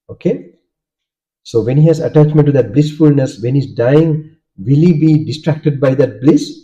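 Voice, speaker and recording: A man's voice: mid-range voice, warm tone. A Sri Lankan man, a native Sinhala speaker and Buddhist monk, giving a Dharma talk and often checking in with listeners by asking "okay?". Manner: asks the audience questions, checks in with "okay?". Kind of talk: Dharma talk with audience questions. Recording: dull lo-fi sound.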